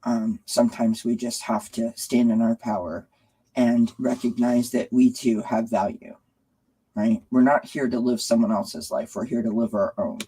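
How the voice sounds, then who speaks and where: A woman in her forties hosting a live stream from home, chatting warmly with viewers and cooing at her cats, with lots of fillers. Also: rumbling low, fairly even intonation, normal speed, husky, poor audio. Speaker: tarot channel host.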